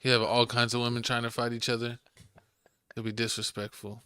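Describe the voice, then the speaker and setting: Male podcast co-host, joking, bright and monotone, dry close mic. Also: medium pitch, smooth, no echo. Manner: joking, quick asides. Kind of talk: casual podcast chat.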